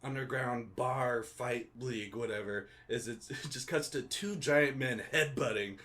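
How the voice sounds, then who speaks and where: A man co-hosts a podcast in a mid-pitched voice. He talks loosely through a movie plot and keeps breaking into amused laughter. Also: measured pace, a bit bright. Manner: laughs often while recapping, loose and amused. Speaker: podcast co-host. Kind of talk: casual movie recap chat.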